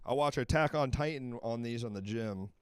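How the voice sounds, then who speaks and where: Male stream host, casual and rambling, smooth voice in a dry room. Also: mid-range voice, moderate pace, no room sound. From Washington, D.C. area. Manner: loose, rambling, swears freely. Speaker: livestream advice show host. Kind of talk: casual live-stream chat.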